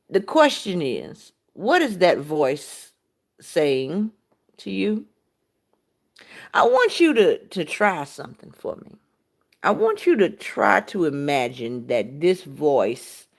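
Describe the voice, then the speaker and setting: Lively, frank woman hosting a spiritual talk. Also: on the low side. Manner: frank and profane, with rhetorical questions to listeners. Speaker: podcast host.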